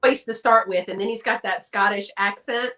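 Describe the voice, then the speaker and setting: A woman's voice: medium pitch, steady tone, fairly quick, a bit bright. A woman from Texas with a Southern accent, chatting casually in a live stream and laughing often. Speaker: guest collector.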